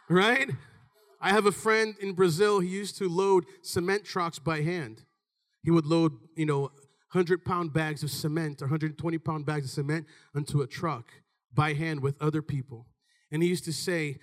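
A man in his thirties preaching a sermon with animated, emphatic delivery. He calls out to the congregation and sometimes breaks into shouts. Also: fairly high pitch, normal speed.

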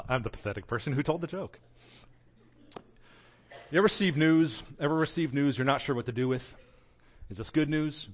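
Joking male pastor, dull recording. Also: mid-range voice. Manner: joking, conversational. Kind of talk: sermon. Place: church.

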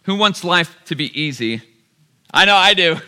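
A man's voice: on the high side, lively intonation, normal speed, sharp tone, clear, resonant tone. A man preaching a sermon, calling the crowd "y'all" and building to emphatic repeated phrases.

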